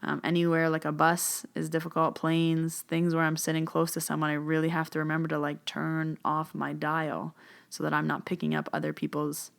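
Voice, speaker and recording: A woman with a lowish voice and a gravelly edge tells stories in a relaxed, chatty way. She acts out both sides of past conversations, sprinkling her speech with "like" and "um". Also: normal speed. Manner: retells events with quoted back-and-forth dialogue; conversational, with frequent "like" and "um" fillers. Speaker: podcast host and spiritual medium. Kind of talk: casual storytelling monologue.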